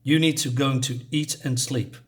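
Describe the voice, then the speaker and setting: A man's voice: mid-range voice, fairly even intonation, normal speed, lightly acted. A man voicing a grieving young boy who pleads and then cries out in anger, in a comic book reading. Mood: upset. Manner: pleading, rising to shouting.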